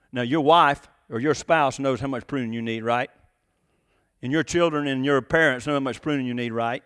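Heard with a long reverb tail, a pastor whose voice runs a little high delivers a sermon. He keeps things folksy and chatty, frequently asking the congregation questions.

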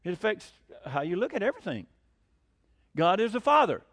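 A male pastor preaches with a high voice that swings widely up and down. He presses his points with rhetorical questions and short chuckles, and his delivery stays animated throughout the sermon. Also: a little fast.

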